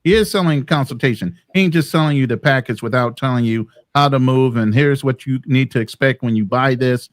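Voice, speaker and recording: A man's voice: medium pitch, brisk, few pauses. A man hosting a heated live-stream debate, blunt, profane and impatient. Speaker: host.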